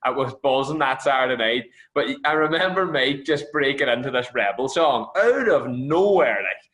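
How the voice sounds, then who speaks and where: A man's voice: mid-range voice, normal speed. A man with an Irish accent hosting a podcast, telling teasing stories in casual chat, with some swearing. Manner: swearing, teasing, animated anecdotes. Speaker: podcast host.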